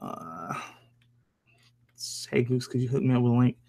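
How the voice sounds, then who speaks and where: A man's voice: medium pitch, lively intonation, unhurried, creaky, warm tone, dry recording. A young man from Oklahoma chatting casually on a live stream, answering viewers with lots of fillers, cursing and jokes. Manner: rambling, profane, joking, lots of fillers. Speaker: streamer reading chat.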